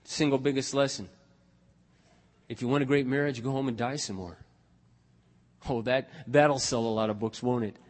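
An older man preaching a sermon as pastor, telling stories in a blunt, emphatic, animated way. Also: medium pitch, normal speed, pauses often. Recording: long reverb of a large hall.

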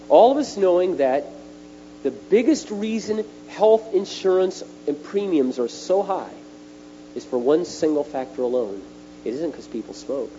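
A middle-aged man preaching a sermon at a retreat, animated and emphatic, his voice jumping up on key words. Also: medium pitch. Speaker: speaker at a retreat. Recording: dull lo-fi recording with faint mains hum.

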